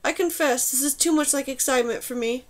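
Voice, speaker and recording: A woman voicing a cautious, wry grown man, a mage, in a dry, measured way. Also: high-pitched, natural voice.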